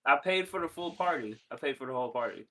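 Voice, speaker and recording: Bright-voiced joking male player. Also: medium pitch, animated, quick pace. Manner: casual, joking in-character moves. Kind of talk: tabletop role-play chat.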